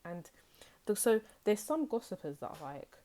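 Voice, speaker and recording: A woman's voice: medium pitch, very animated, normal speed, dark tone. A woman with a British accent giving a casual, chatty tarot reading to viewers, acting out what other people say. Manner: chatty, acts out quoted people with playful voices. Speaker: tarot reader.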